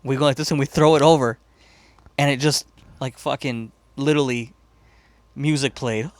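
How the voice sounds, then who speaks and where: A man's voice: medium pitch, steady tone, moderate pace, no echo. A man from Chicago hosting a podcast, telling a story casually and profanely, rambling and laughing as he goes. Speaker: podcast host.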